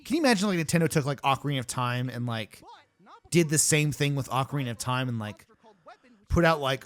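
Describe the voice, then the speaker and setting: Brisk and animated, this man has a fairly high-pitched voice as he hosts a casual behind-the-scenes commentary track for YouTube. He rants profanely and wanders off on tangents, stuffing his talk with fillers.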